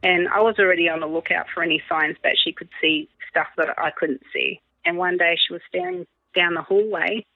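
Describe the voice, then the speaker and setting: A woman's voice: on the low side, brisk, hardly any pauses, dry recording. A woman in her thirties tells a personal story with lots of energy and laughs often. Her voice comes through a narrow, phone-like line. The sound is dry, with no room around it. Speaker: podcast guest.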